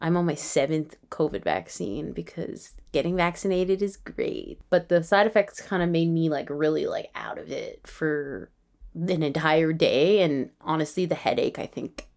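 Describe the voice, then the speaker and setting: A woman's voice: low voice, lively intonation, normal speed, gravelly, darkish tone. Tired, chatty young Canadian woman. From Toronto, Canada. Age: 20s. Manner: chatty and self-mocking, often drops to a whisper. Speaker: writer and vlogger. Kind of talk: casual late-night vlog chat.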